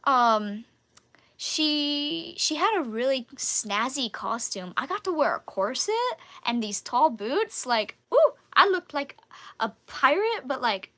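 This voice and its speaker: Bright, bubbly young-sounding woman. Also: high-pitched. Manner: bubbly, chatty, giggly. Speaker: channel host answering viewer questions. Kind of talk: casual live Q&A chat.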